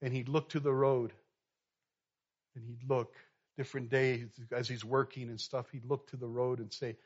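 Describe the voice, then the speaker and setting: Lo-fi pastor preaching a story. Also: male voice, mid-range voice, moderate pace. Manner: animated, builds from soft to loud while telling a story. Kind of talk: sermon storytelling. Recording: dull lo-fi sound.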